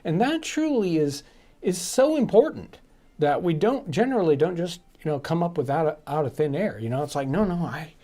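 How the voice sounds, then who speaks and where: A man's voice: on the high side, lively intonation, moderate pace, mellow. A man hosting a casual live stream chat, rambling along with restarts, fillers and laughs.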